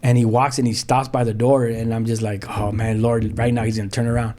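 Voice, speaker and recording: Interviewed on a podcast, a middle-aged man from South Central Los Angeles, a pastor, tells his testimony, acting out dialogue and saying "you know" a lot. He speaks fairly quickly in a warm, medium-pitched voice that barely moves in pitch.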